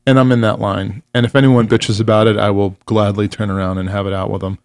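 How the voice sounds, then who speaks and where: A man's voice: lowish voice, little pitch movement, fast, no echo, clean studio sound. A man co-hosting a casual chat, blunt and profane, who laughs often. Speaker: podcast co-host.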